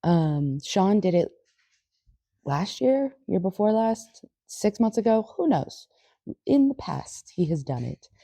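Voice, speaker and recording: A woman's voice: medium pitch, big pitch swings, slow, dark tone, breathy edge, dry recording. A woman chatting casually in a home vlog, swearing now and then and chatting with her dog. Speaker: vlogger. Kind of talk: casual chat. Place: home, indoors.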